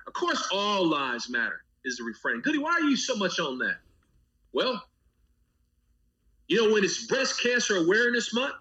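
Heard through dull audio, a man with a somewhat high, pushed and bright voice speaks passionately as an interview guest. He is a pastor, and his talk carries a preacher's rhythmic cadence full of repeated phrases and long lists.

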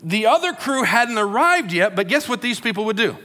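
A man's voice: high-pitched, big pitch swings, fairly quick, pushed and bright. A middle-aged man preaching a sermon in a conversational, storytelling way, acting out quotes. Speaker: pastor. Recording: long hall reverb.

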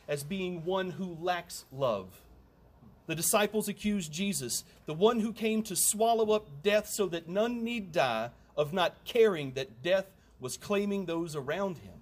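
A man preaching a sermon in a conversational way, with humorous asides and emphatic repetition. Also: on the high side.

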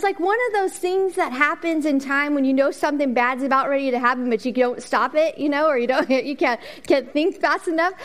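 A middle-aged woman addresses a congregation in an animated storytelling sermon. Her voice sits high, and she acts out the people in her story before moving into prayer. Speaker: women's ministry speaker. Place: church service.

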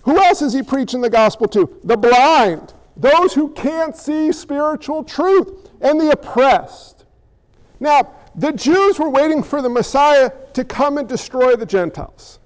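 A male preacher with a strikingly high voice, delivering an animated sermon full of pointed rhetorical questions. His voice rings out with a long reverb from a large hall. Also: a little slow.

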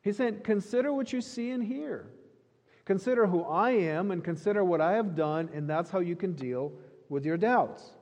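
Male pastor, fairly high mellow voice, earnest emphatic sermon, long hall reverb. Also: expressive, normal speed. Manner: earnest, emphatic preaching with repetition.

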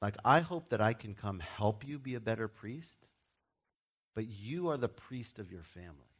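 A man's voice: fairly low pitch, lively intonation, moderate pace, slightly rough. A middle-aged man preaching a sermon as a pastor, speaking directly and emphatically to his listeners, with joking asides.

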